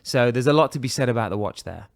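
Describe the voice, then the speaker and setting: A man's voice: medium pitch, lively intonation, quick pace, vocal fry. A man with a British accent, talking as a guest on a casual podcast in a chatty, enthusiastic way with frequent restarts. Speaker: guest, watch brand director.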